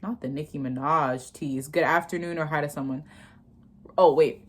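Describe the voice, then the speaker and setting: A young woman vlogger with a somewhat low voice talks through a language lesson. She reads the textbook aloud, swears freely and breaks into laughter often. She comes across as casual and chatty. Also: quick pace, a bit bright, slight background noise. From United States. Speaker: vlogger learning Korean. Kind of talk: casual study vlog.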